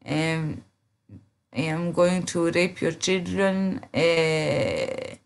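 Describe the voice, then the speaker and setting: A woman's voice: lowish voice, drawn-out words, gravelly, heavily acted. A woman doing a mocking caricature of a boastful Spanish-speaking man, in an exaggerated fake accent. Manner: exaggerated fake accent, sing-song repeats.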